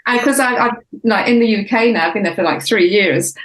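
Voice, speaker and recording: A woman's voice: mid-range voice, a little fast, echoey room, a little hiss or hum, rough recording. Reflective woman in her sixties, faded Cockney. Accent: English, faded Cockney. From Southeast London, England. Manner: reflective, many fillers and restarts. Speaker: author and guest. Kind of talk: casual interview talk.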